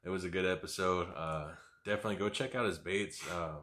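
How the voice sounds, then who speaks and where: Man, podcast host, very low voice, bright edge, laid-back talk. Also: fast talker. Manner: laid-back, chimes in with short replies and laughs. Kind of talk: casual chat.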